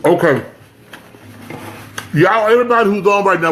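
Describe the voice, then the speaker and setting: A man's voice: high-pitched, lively intonation, measured pace, a little hiss or hum. A man hosting a casual home livestream, chatting with viewers, greeting them by name and urging them to share. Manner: chatty, shouts out viewers, urges sharing. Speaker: livestream host. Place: home, indoors.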